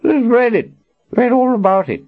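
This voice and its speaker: A man voicing a frail, excitable old male wizard with a thin, squeaky voice. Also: normal speed, phone-quality sound, full character voice. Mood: fussy excited.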